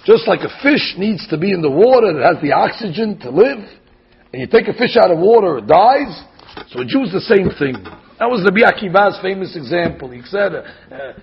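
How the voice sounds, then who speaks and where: Man, rabbi preaching, lively storytelling, gravelly fry, muffled lo-fi sound. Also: sits high, brisk. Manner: animated storytelling, acts out quotes. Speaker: rabbi giving a class. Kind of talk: sermon.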